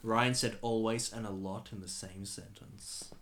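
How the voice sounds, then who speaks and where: Bright-voiced teasing co-host. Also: mid-range voice, fairly even intonation. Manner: teasing, quick short interjections. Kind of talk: casual movie commentary chat.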